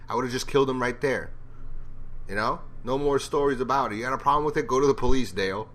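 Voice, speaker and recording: A man's voice: medium pitch, fast, a bit bright. A man giving a casual, rambling TV episode review, blunt and profane in his opinions. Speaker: TV show reviewer.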